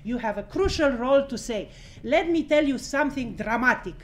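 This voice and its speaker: A woman with a high voice speaks to a room of journalists, blunt and outspoken, and she swears without a second thought. She moves between outrage and laughter as she drives her points home. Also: lively intonation, a little fast. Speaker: speaker at a press conference. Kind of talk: impassioned press conference address.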